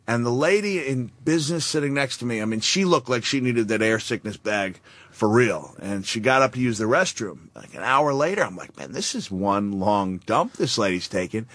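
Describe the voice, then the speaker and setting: A man's voice: mid-range voice, expressive, brisk, fairly bright tone, no room sound. A man telling self-deprecating stories with a chuckle as a guest on a talk show. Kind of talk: casual storytelling.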